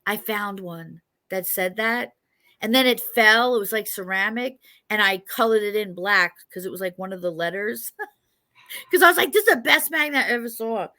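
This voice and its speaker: A New Yorker with a New York accent hosts a relaxed chat interview, joking and rambling along. She talks at a moderate pace in an expressive, bright, forceful mid-range voice.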